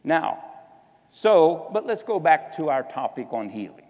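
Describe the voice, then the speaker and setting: This preacher's voice is a little high, a bit mellow and very animated, captured in lo-fi sound. He exhorts the congregation, elongating key words, and swings between slow, drawn-out emphasis and fast asides, all under a long hall reverb.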